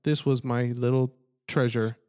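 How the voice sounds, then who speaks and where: A man's voice: mid-range voice, fairly even intonation, unhurried, a little mellow, clean tone. A man co-hosting a casual comics podcast, talking eagerly with lots of fillers. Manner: enthusiastic, many fillers. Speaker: podcast co-host. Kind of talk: casual chat.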